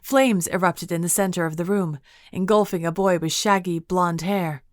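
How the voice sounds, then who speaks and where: Woman audiobook narrator, lower register, measured delivery, dead-dry booth. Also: no room sound. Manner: steady, measured storytelling. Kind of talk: scripted first-person audiobook narration.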